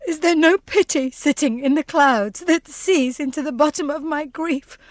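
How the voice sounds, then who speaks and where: Brief: actress as a desperate young daughter, high, pleading voice. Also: female voice, normal speed, close to an everyday voice. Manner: pleading, anguished. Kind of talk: classical stage drama.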